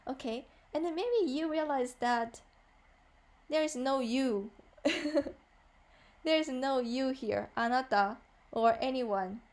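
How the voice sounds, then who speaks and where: A woman with a Japanese accent teaches a beginner class, her voice sitting a little high. She explains slowly and patiently, filling pauses with "uh" and repeating each example sentence. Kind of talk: online language lesson.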